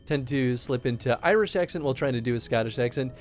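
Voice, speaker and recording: A man's voice: mid-range voice, fast talker. A man streaming a game, chatting casually and animatedly, laughing often. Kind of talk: casual gameplay chat.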